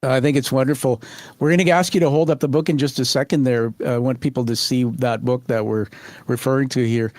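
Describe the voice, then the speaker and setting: A man's voice: medium pitch, fairly even intonation, brisk, a little mellow, dry recording. A man hosting an interview, asking questions in a loose conversational way. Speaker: host.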